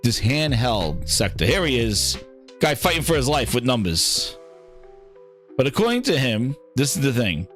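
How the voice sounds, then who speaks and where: A man hosting a gaming show, talking in casual, opinionated commentary. He swears freely, mocks other people in put-on voices and gets excited as he reads. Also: mid-range voice, a little slow, soft background music. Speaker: gaming podcast host.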